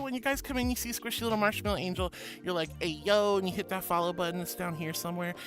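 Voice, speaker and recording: A man's voice: sits high, lively intonation, quick pace, few pauses. A man streaming and reading his chat aloud, affectionate and playful, calling viewers sweetie and honey and shrugging off compliments. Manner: playful, self-deprecating. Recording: loud music behind the voice.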